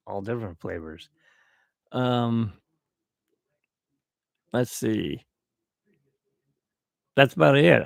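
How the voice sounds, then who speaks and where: A man hosting his own YouTube channel chats casually on a live stream, rambling with joking self-mockery. His medium-pitched voice has vocal fry, captured on a desk microphone with studio quality and no echo.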